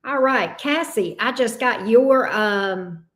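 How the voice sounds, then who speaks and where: A woman's voice: fairly high pitch, lively intonation, slow pace. A woman with a Southern accent hosting a tarot live stream, chatting casually and greeting viewers by name. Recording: echoey room.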